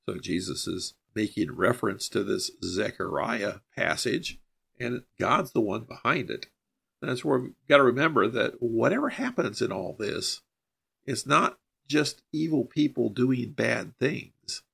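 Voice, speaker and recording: A man leads a verse-by-verse Bible lesson, laying out each verse plainly before pressing home its main point. His low, heavily gravelly voice has a husky edge, and his pitch rises and falls a lot as he explains. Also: lively intonation, measured pace, fairly bright tone. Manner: explains verses plainly, then stresses key points emphatically. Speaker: Bible teacher. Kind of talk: verse-by-verse Bible teaching podcast.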